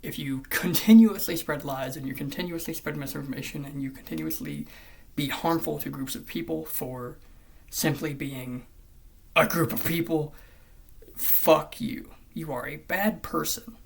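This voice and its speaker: A vlogger ranting in commentary style, swearing often and swinging between loud outbursts and hushed near-whispers. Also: medium pitch, moderate pace, gravelly.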